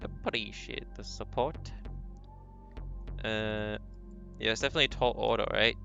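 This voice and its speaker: A man's voice: lowish voice, steady tone, moderate pace, gravelly, bright, forceful tone. A man streaming a game, chatting casually with viewers and reading text aloud, laughing often. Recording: slightly dull lo-fi stream audio with faint music.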